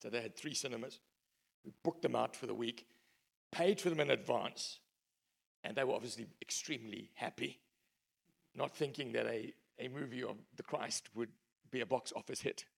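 A man preaching a sermon, emphatic storytelling that swings between loud and hushed. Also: medium pitch, normal speed, gravelly.

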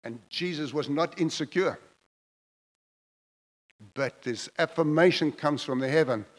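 A man's voice: fairly high pitch, unhurried, pauses often, poor audio. A man preaching a sermon, emphatic and repetitive, building his phrases in intensity as he goes.

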